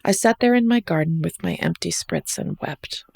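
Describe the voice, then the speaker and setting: A woman's voice: on the low side, animated, moderate pace, a little mellow, no room sound. A woman hosting a podcast, reading her own personal travel essay aloud in a wry, reflective way with an American accent. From United States. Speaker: podcast host and essay narrator.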